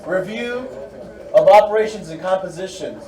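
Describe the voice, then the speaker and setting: A man's voice: high voice, normal speed. A male math teacher giving a classroom review lesson, walking through steps and checking in with the class. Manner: steady, explains step by step, checks in with "okay?". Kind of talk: classroom lecture. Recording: echoey classroom from far off with background noise.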